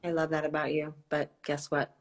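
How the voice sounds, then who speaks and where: A woman's voice: low voice, monotone, moderate pace. A woman hosting an Instagram live, chatting casually and gushing, with easy laughs, speaking into a phone or laptop. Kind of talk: casual chat. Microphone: phone or laptop on a live video stream.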